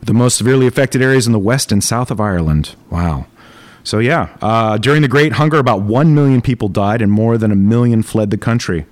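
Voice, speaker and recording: A man co-hosting a talk radio show in casual banter, quick with jokes and laughs. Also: lowish voice. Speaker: radio co-host.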